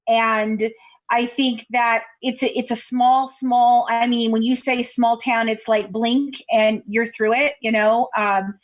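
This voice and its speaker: A woman from Kentucky, a true crime podcast co-host, chatting in an interview over a video call as a lively storyteller. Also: on the high side, takes it slowly. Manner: chatty storyteller, acts out quoted voices. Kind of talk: casual interview chat.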